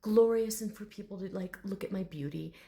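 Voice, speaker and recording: A woman voicing a male bearded dragon spirit who is proper and intellectual, speaking formally, softly and without hurry. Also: mid-range voice, vocal fry, natural voice. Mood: prim. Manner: formal, unhurried, quiet and soft.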